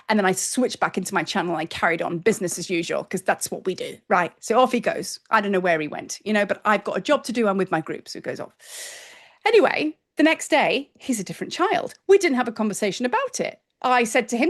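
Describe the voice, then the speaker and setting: A middle-aged woman, a spiritual teacher telling a story in a chatty, animated vlog. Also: medium pitch, brisk. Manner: animated, chatty, acts out quoted voices.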